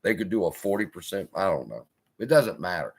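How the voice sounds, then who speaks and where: A man's voice: low voice, fairly quick, creaky, slightly rough. Guy cussing his way through a live stock stream, voice bouncing up and down a lot. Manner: profane, blunt, animated storytelling. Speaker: investing channel host.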